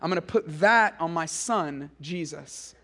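High-voiced man preaching with emphasis. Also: measured pace, pushed and bright. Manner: earnest and emphatic, with repeated phrases. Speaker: speaker at a student summer gathering. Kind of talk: preaching a sermon.

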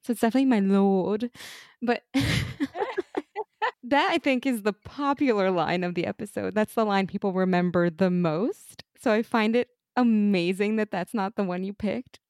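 An American woman co-hosting a podcast in casual chat, enthusiastic and quick to laugh. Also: mid-range voice, darkish tone, dry recording, clean studio sound. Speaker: podcast co-host.

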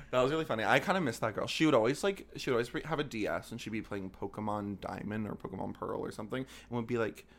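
A man's voice: on the low side, fast, vocal fry, a bit bright. A young man co-hosting a podcast in casual chat, rambling and hesitant with lots of filler words. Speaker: podcast co-host.

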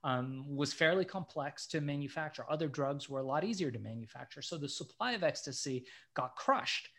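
Man, middle-aged, slightly high pitch, casual storytelling, animated, acts out quotes. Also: brisk. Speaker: guest.

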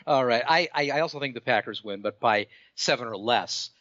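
Male podcast co-host, casual chat, halting and repetitive delivery, dull dry lo-fi sound. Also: mid-range voice, a bit bright, dry recording. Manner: hesitant, repeats words while thinking.

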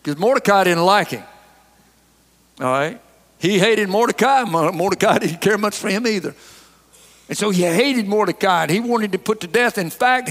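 Male pastor, high voice, emphatic folksy preaching, church reverb. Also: a bit bright. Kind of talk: sermon. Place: church sanctuary. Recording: long hall reverb.

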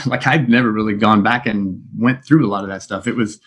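A middle-aged man speaking as a podcast guest, talking candidly and reflectively, often pausing and restarting. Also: on the low side, a bit bright, husky. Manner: reflective, open, halting with many restarts. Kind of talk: candid interview conversation.

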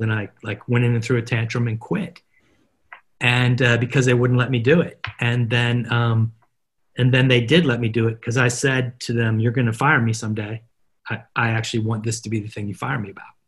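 A man's voice: medium pitch, a little fast, husky. A man in his fifties, a marketer and podcast guest, telling stories in a casual interview and acting out the dialogue. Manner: animated, acts out dialogue in stories.

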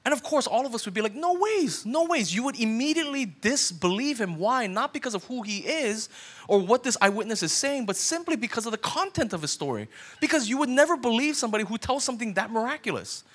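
A man's voice: very high voice, very animated, quick pace, fairly bright tone, husky. A male pastor giving a conversational sermon, now and then acting out the doubting voices of his listeners.

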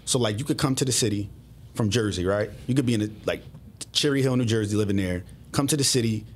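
A man, a former police officer, telling his story as a guest in a casual, profane, animated way. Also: fairly low pitch, fast, a little hiss or hum. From Southwest Philadelphia. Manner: profane, animated retelling with acted-out dialogue.

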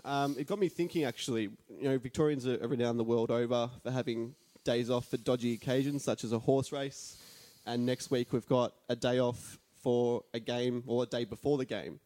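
A man's voice: mid-range voice, steady tone, normal speed, hardly any pauses, warm tone. Nasal young Australian man hosting. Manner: rambling, self-mocking storyteller. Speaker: podcast host. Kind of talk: casual podcast chat. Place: share house.

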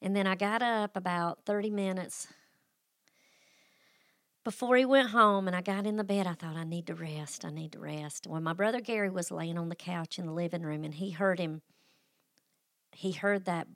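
A woman's voice: lowish voice, steady tone, normal speed, pauses often, no echo, clean studio sound. A middle-aged woman who hosts a faith podcast and tells a personal story in a folksy, emotional way, with sighs and restarts. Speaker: podcast host.

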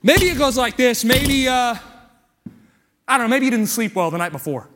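Male pastor, very high pitch, breathless, earnest sermon cadence that builds. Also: animated, normal speed, very noisy. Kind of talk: sermon with a live weightlifting illustration.

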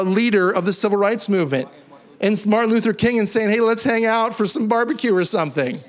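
A pastor delivers a lively sermon to his church. His voice sits fairly high for a man. He sinks into quiet, low stretches, then climbs back to raised, emphatic lines. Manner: animated preacher, swings from hushed lows to raised emphatic highs. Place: church hall.

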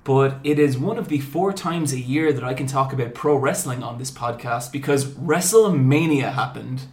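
Man, young, podcast host, animated storyteller, swears a lot, mid pitch, echoey room. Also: normal speed. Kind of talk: casual storytelling chat.

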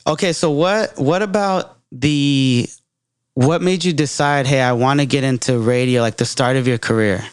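Smooth-voiced man, casual profane storyteller. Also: mid-range voice, moderate pace, dry recording. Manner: loose, profane storytelling with many fillers. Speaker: podcast host and comedian. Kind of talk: casual interview chat.

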